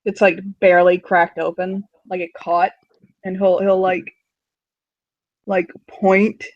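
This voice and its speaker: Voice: medium pitch, little pitch movement, slow pace, no room sound. Rambling, swearing tabletop game master. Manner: loose and rambling, full of fillers and swearing. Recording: dull lo-fi recording.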